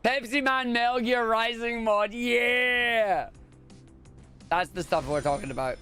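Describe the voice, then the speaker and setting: A Scottish man streaming a speedrun, talking casually with jokes and sudden excited exclamations. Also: extremely high pitch, moderate pace, clean tone. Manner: excitable, jokey, bursts into loud exclamations. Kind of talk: casual live-stream commentary. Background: game music.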